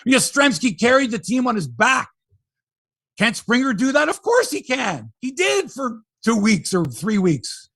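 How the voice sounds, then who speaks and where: A middle-aged man hosting a sports podcast, talking in an animated, profane, ranting way. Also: very high-pitched, measured pace, no room sound, studio quality. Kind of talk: casual sports talk.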